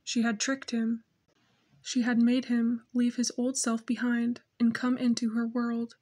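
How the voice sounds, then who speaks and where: A woman reading a novel aloud in steady, measured scripted narration. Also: fairly high pitch. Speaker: audiobook narrator.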